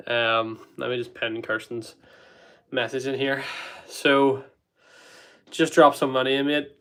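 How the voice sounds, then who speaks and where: A Northern Irish man hosting a casual livestream, his voice bright and forward even though he sounds a wee bit congested. He chats loosely, reads viewer comments aloud and fills the gaps with uhs and ums. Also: medium pitch. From Northern Ireland. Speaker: livestream host.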